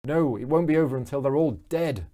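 A man voicing a frightened, angry young woman from a game, in his own mellow voice. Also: a little high, a little fast, close to an everyday voice. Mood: bitter.

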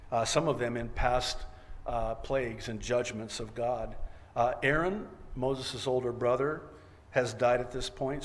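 A man preaching a sermon as pastor, reading scripture emphatically and voicing its quoted lines with drama. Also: mid-range voice. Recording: long reverb of a large hall.

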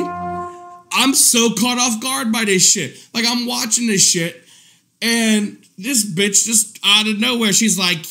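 Taking his time and speaking with vocal fry, a male streamer hosts live commentary full of profanity and crude ridicule. He laughs at his own jokes and alternates between mumbling under his breath and bursting into indignant rants.

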